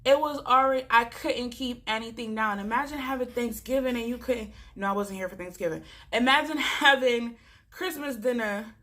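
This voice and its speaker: A woman's voice: a little high, moderate pace, sharp tone. A young woman from Jamaica, chatting casually and animatedly to her vlog viewers. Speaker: vlogger.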